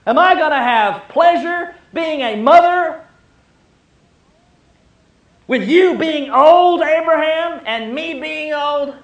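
A man's voice: very high-pitched, slow pace, long pauses, roomy sound, lo-fi sound, pitched above the performer's own voice, full character voice. A man putting on the voice of an old woman who laughs in disbelief, cackling and incredulous, in a sermon.

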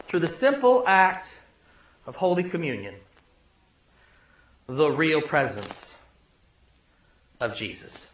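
A male pastor preaching a sermon, telling a story conversationally and dropping low and soft for emphasis. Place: church sanctuary. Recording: echoey church room.

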